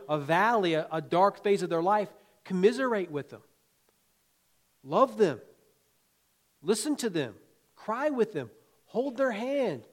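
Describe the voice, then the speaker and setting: In a slightly high voice, a pastor delivers his sermon in a folksy, talky way. He moves from booming, emphatic lines to quiet asides and chuckles along the way.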